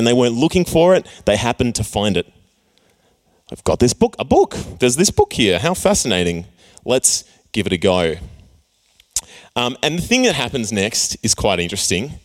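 A young man preaching a casual youth sermon, playfully acting out characters and joking with his listeners. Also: medium pitch. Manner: playful, acts out characters with jokey voices. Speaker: youth pastor.

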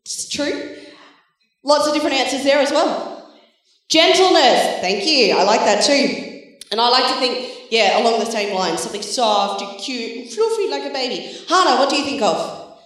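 A woman giving an encouraging, animated Bible talk to children in a church. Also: sits high, moderate pace. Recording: very echoey hall, voice from far off.

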